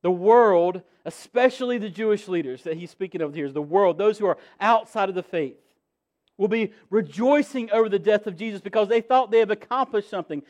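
A man with a notably high-pitched voice preaches a sermon as pastor. He is earnest, repeats his key phrases and lets his emphasis swell and fall back. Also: brisk, darkish tone.

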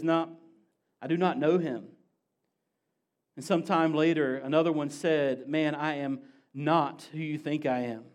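A man preaching a sermon as pastor, building to emphatic raised passages and dropping to quiet low asides.

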